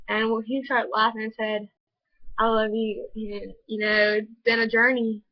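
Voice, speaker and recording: A woman's voice: fairly high pitch, level tone, unhurried, dry recording. A teenage girl telling a personal story in a vlog, earnest and gushing, with many "like" fillers. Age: teens. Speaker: vlogger. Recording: dull lo-fi home video audio.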